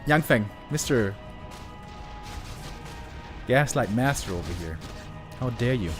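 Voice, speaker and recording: A man's voice: lowish voice, takes it slowly, over music. A man from Germany casting a live strategy game stream, chatting with viewers in playful banter. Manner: playful, animated banter with sudden loud outbursts. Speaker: esports caster.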